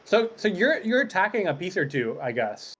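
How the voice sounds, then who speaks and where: A man coaching chess in a relaxed, teasing, casual way. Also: sits high, normal speed.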